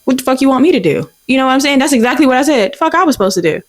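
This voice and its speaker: A young woman in her twenties hosting a podcast, telling a story in a profane, exasperated, animated way. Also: sits high, racing. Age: 20s. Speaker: podcast host. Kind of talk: casual storytelling rant.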